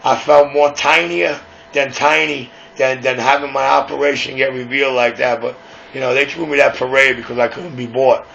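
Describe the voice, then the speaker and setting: A man's voice: medium pitch, fairly even intonation, normal speed, creaky, sharp tone. A man with a New York accent hosting late-night radio, rambling and conspiratorial in casual talk. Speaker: radio show host. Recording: dull lo-fi recording with faint hiss.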